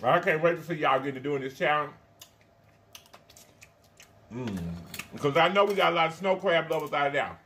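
A man's voice: fairly high pitch, animated, moderate pace, long pauses, pushed and bright, a little hiss or hum. A man hosting a mukbang vlog, chatting casually to viewers while eating, calling them y'all and honey, with frequent mm sounds between bites. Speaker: mukbang vlogger.

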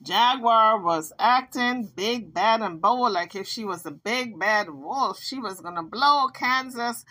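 A woman vlogger giving chatty, sassy, animated commentary on an argument. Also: fairly high pitch, slow pace, few pauses. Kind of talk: casual commentary recapping drama.

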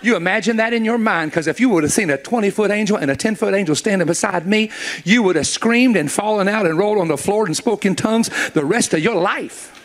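A man preaching a sermon to a church congregation, telling stories with jokes and quick asides to his listeners. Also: high-pitched. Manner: animated, joking storyteller with quick asides; speaks directly to the audience.

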